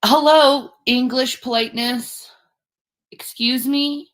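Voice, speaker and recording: A woman's voice: high-pitched, steady tone, takes it slowly. A woman casually chatting to her livestream viewers while cooking.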